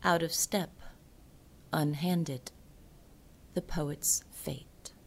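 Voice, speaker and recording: A woman reading her poems aloud in a slow, hushed delivery that often sinks into a whisper. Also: low voice, fairly even intonation, slight background noise. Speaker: poet. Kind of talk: poetry reading.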